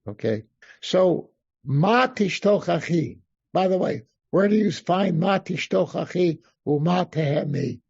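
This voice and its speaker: A man, a rabbi, teaching an interactive Psalms class, reading Hebrew verses slowly and then explaining them while thinking aloud. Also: high-pitched, vocal fry, dark tone, breathy edge. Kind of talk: interactive text study class. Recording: dull lo-fi class recording.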